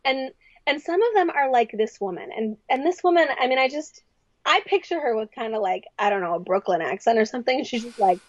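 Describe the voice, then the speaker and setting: A young adult woman speaking as a podcast guest in casual, reflective talk, animated and acting out quoted voices. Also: on the high side, a little fast, dry recording. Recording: dry, slightly dull sound.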